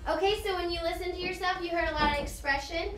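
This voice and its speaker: A woman teaching an elementary class, her voice high and bright. She explains clearly and encouragingly, step by step, with a faint hiss under the sound. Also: steady tone, quick pace. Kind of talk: classroom instruction.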